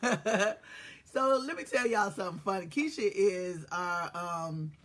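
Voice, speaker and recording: Live-stream host, husky tone, mid-pitched, cussing banter, loud hellos mixed with murmured asides. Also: expressive, a little slow. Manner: swings from quiet asides to loud shouted greetings; profane, joking banter. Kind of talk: casual live-stream chat.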